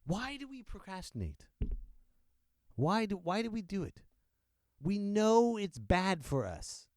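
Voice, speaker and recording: A male podcast host rants off the cuff in a joking, animated style, his pitch leaping up and down. He sits close to the microphone in a dry, dead-sounding space. His voice sits fairly high for a man. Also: slow pace, no room sound. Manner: animated, joking, laughs often. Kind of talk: unscripted comedic rant.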